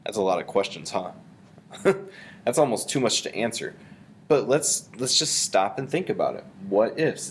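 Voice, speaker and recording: A man teaching a reading lesson, explaining and reading a poem aloud with an expressive voice. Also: fairly low pitch, slight background noise. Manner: animated, reads aloud with a rising expressive voice.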